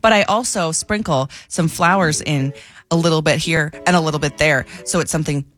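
A woman's voice: sits low, a little fast, a bit bright, soft background music. A woman co-hosting a radio talk show, giving her opinions in an emphatic, casual way. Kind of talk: casual on-air chat.

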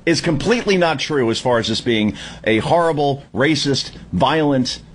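A man hosting a Sunday morning talk radio show, giving an opinionated, sarcastic monologue that climbs into yelling. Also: mid-range voice, normal speed, slightly rough. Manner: animated, sarcastic, prone to yelling. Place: at the shore.

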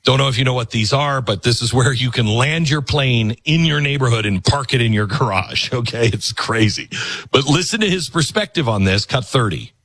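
Husky, animated male talk host. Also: medium pitch, moderate pace. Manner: impassioned, preachy, animated. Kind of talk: talk show monologue.

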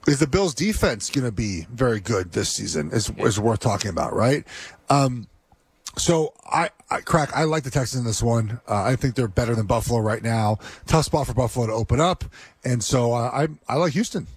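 Husky-voiced man, sports analyst. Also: medium pitch, lively intonation, normal speed, dry recording. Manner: hesitant, filler-heavy, asks rhetorical questions. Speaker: former NFL player analyst.

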